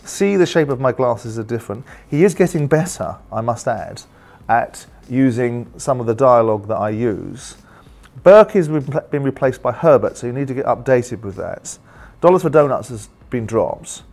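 A man, a football pundit, giving a casual video reply full of dry, measured put-downs. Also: mid-range voice, lively intonation, vocal fry, darkish tone.

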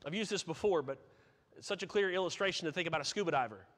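A man's voice: fairly high pitch, quick pace, a bit bright. A man preaching a Sunday sermon, earnest and questioning, building up to emphatic points. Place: church sanctuary. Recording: church hall reverb.

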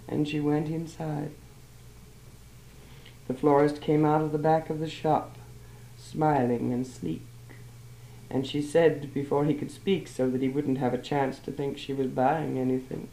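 A woman author reading her own short story aloud in a measured, plain narration. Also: low-pitched, fairly even intonation, vocal fry, warm tone. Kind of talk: literary reading. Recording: roomy old archive recording.

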